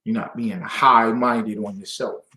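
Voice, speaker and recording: A man teaching a scripture class to a group, lively and conversational, acting out the voices he quotes. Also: on the low side, unhurried, roomy sound. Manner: lively, call-and-response, acts out quoted voices.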